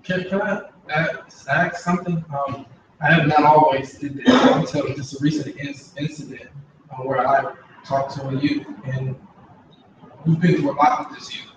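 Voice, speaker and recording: A man's voice: fairly high pitch, steady tone, moderate pace. A man in a training group telling a story from his work with youth, hesitant at first. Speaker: youth worker attending training. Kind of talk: sharing a story in group discussion. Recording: echoey room from a far mic, dull, noisy.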